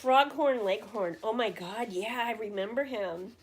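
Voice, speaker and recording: A woman's voice: fairly high pitch, unhurried, slight background noise. A middle-aged woman, chatting on a casual livestream and answering viewers' questions. She rambles with many fillers and restarts and talks openly about her feelings. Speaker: livestream host.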